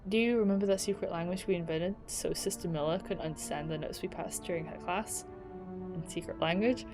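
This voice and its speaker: A woman streaming a game, reading its letters aloud and breaking off for quick asides and laughs. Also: fairly low pitch, over music.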